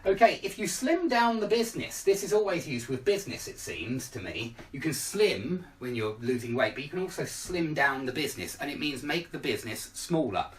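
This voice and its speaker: A man's voice: on the high side, sing-song, fairly quick, hardly any pauses, far from the mic, slight background noise. A man teaching an online lesson, patiently explaining with everyday examples. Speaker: English teacher.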